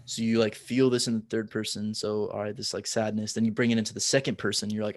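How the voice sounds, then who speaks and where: A man hosting a podcast, talking in a relaxed, loose way with many fillers. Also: lowish voice, quick pace, hardly any pauses, no room sound. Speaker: podcast host. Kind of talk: casual conversation.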